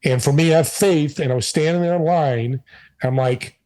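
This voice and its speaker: An energetic man speaks as an interview guest, pressing his points hard with emphatic delivery. His voice sits on the high side for a man. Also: normal speed, rough recording. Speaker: podcast host and guest. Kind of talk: casual interview storytelling.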